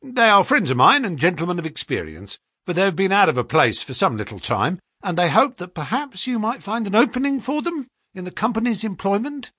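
An eager young clerk, bright-spirited and quick, his voice climbing when excited. A man puts him on as he reads the tale. A slightly husky tone in a dry, close recording. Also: a little high, no echo, voice pushed up, exaggerated voice.

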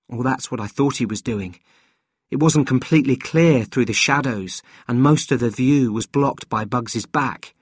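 A man reading a novel aloud in measured, steady scripted narration. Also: mid-range voice, husky, no room sound, clean studio sound. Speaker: audiobook reader.

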